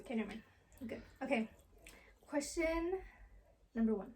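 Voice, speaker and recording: A woman's voice: fairly high pitch, expressive, normal speed, pauses often, background noise. Offhand woman reading out questions. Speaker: interviewer. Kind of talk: casual chat.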